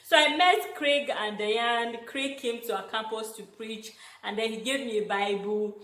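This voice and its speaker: A young Nigerian woman telling a story in an animated vlog, exclaiming and laughing often. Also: a little high, measured pace. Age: young adult. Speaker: vlogger, international student. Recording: echoey room.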